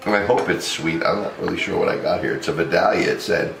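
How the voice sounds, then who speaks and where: A man's voice: deep voice, fast talker, gravelly, hardly any pauses, roomy sound, background noise. A man hosting a home cooking vlog, talking loosely and chatty to the camera and laughing often as he walks through the prep. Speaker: home cook vlog host. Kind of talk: casual cooking demonstration. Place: home kitchen.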